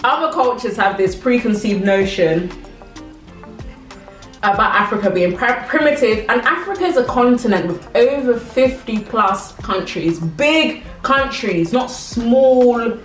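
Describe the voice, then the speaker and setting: A young woman born in Britain chats casually to camera in a mukbang, eating as she talks and laughing often. Her voice is fairly high and expressive, her pace unhurried. The mic sits at a distance in an echoey room with faint music behind her.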